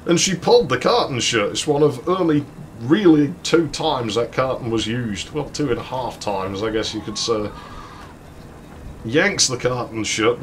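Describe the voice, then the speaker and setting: A let's play host casually tells a long, rambling story while gaming, swearing freely and chuckling between lines. His voice is medium-pitched, with slight background noise.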